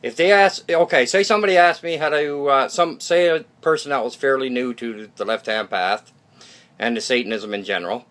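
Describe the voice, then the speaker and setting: A man of ordinary pitch gives a loose, unscripted talk to his viewers. He is blunt and opinionated and swears now and then. He rambles, restarts his sentences and keeps asking "okay?" to check in. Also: brisk, fairly bright tone. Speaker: YouTube channel host. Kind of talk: casual unscripted monologue.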